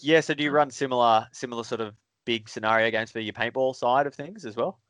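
A man's voice: medium pitch, quick pace, a bit bright, no room sound. A man hosting a casual chat, easygoing, with many "like" fillers. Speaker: host.

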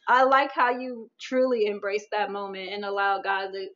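A woman's voice: medium pitch, little pitch movement, moderate pace, a bit bright, muffled recording. A woman interviewing her guest, affirming her with many short backchannels. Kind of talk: supportive interview chat.

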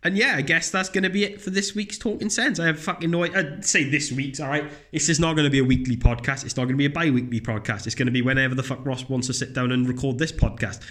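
A man's voice: mid-range voice, fairly even intonation, fast talker, few pauses, a bit bright. A young man hosting his own podcast, talking alone and casually in a blunt, sweary way, now and then putting on sarcastic voices. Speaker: podcast host. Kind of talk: casual solo podcast monologue.

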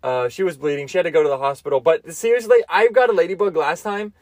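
A man's voice: on the high side, quick pace, dry recording. A young man hosting a solo comedy podcast, telling loose, crude stories with lots of restarts and self-amused asides. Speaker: podcast host. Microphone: close mic, seated.

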